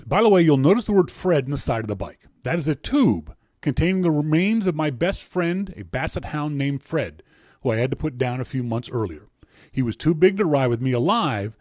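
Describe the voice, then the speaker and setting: Lively, chatty male podcast host. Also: medium pitch, normal speed, no room sound, clean studio sound. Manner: chatty and teasing, laughs often, many restarts. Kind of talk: casual call-in show, reading listener emails.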